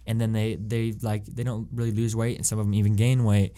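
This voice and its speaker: Young male co-host, low and warm, wry and filler-heavy, casual chat. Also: flat delivery, fairly quick. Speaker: podcast co-host. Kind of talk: casual movie-review chat.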